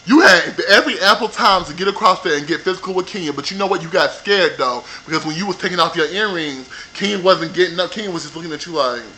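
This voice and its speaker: A man with a high, bright voice rants about television, sassy and heavy with profanity. He talks straight into a computer mic in a loose, animated monologue. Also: fast, few pauses, low-quality recording. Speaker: vlogger reviewing a reality show. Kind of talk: casual ranting review.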